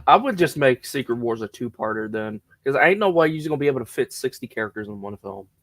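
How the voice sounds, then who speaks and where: A man's voice: medium pitch, animated, fast talker, no echo. A man joining a casual movie podcast as a guest, slangy and emphatic in his opinions. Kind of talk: casual movie chat over a video call.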